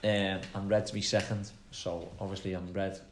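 A man with a Liverpool accent chats easily as an interview guest, wandering through his answers. His voice sits a little low. The room around him is noticeably echoey. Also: flat delivery, normal speed, slight background noise. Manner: chatty, rambling answers. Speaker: football manager, guest. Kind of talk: casual interview chat.

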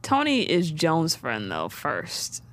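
A New woman talking slangy and animated, her voice swinging high and low as she recaps a story. The sound is dry and close to the mic with no room around it. She keeps the chat loose and laughs often. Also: slow pace, no room sound. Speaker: podcast co-host recapping a TV show. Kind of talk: casual chat.

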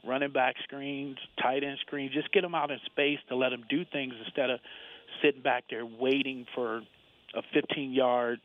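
A man's voice: mid-range voice, level tone, normal speed. A man calling in to a sports show, laying out a detailed point steadily with some fillers. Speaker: caller. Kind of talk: call-in comments. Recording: tinny dry phone line.

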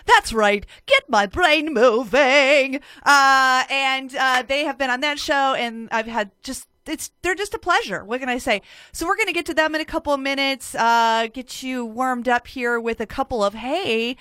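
A woman's voice: sits high, normal speed, few pauses, bright, forceful tone, dry recording. Bawdy, joking woman radio host. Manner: playful, crude joking with frequent fillers. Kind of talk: casual radio banter.

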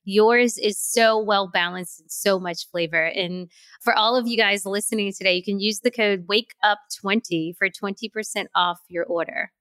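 A woman's voice: mid-range voice, fairly even intonation, normal speed, a bit bright, no room sound. A woman hosting a podcast, speaking with enthusiasm and reading out a sponsor discount. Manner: enthusiastic, promotes a sponsor code. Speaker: podcast host. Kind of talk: casual podcast interview.

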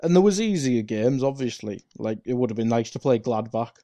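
A man's voice: medium pitch, animated, mellow, dry recording. A man co-hosting a casual football podcast, chatty and sprinkling his talk with "like". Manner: chatty, quick laughs, lots of "like". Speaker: podcast co-host.

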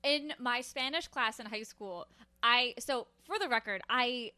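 A woman's voice: a little high, a little slow, bright, forceful tone, smooth, no echo. A woman co-hosting a podcast over a video call, chatting enthusiastically, giggling and telling stories. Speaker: podcast co-host. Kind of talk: casual podcast chat.

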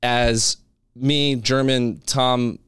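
A comedian guest chats in a loose, rambling way, often restarting his sentences. His voice is smooth and resonant, recorded close and dry. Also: medium pitch, fairly even intonation, extremely slow, a bit bright, dry recording. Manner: rambling, self-interrupting storyteller. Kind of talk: casual podcast chat.

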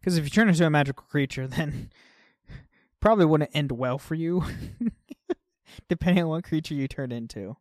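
A man's voice: on the high side, normal speed, no echo, studio quality. A man co-hosting a podcast, chatting casually about a game and often trailing off with "like". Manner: chatty, fillers like "like", trails off softly. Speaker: podcast co-host.

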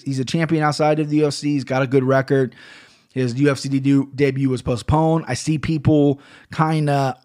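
A man hosting a casual podcast, talking bluntly and with plenty of swearing as he rambles through a fight recap from a home studio mic. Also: mid-range voice. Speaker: podcast host. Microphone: studio microphone.

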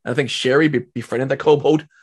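A man's voice: mid-range voice, fairly even intonation, fast talker, husky. A man co-hosting a casual gaming chat, speaking in an easygoing way and explaining his points with examples, often chuckling. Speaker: podcast co-host.

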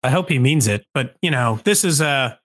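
Animated guy on a sports podcast, bright voice, pitch bouncing all over. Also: a little fast. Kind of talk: casual sports chat.

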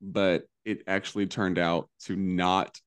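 Campy animated man chatting. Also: low voice, slow, clean tone. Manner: animated, campy, mimics voices for jokes. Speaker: podcast co-host. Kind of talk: casual chat.

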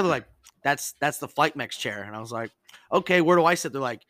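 Podcast host, male, a bit high-pitched, swears freely and acts out quotes, dry close-miked sound. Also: fast talker, no room sound. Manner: animated, profane, acts out quoted voices. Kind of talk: casual storytelling chat.

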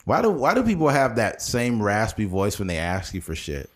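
Male podcast co-host, California accent, low voice, animated storyteller. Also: moderate pace. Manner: animated storyteller, jumps into loud mocking impressions. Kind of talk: casual chat.

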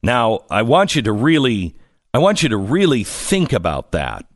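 A male talk show host giving an impassioned commentary monologue, emphatic and slow with dramatic pauses. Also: medium pitch, huge pitch swings, no room sound, studio quality.

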